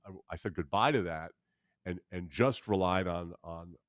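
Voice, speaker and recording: A man's voice: deep voice, dry recording, clean studio sound. A man in his sixties, a guest in a candid interview, telling stories animatedly with frequent restarts and putting on voices for the people he quotes. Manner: halting, with many restarts. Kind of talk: candid storytelling conversation.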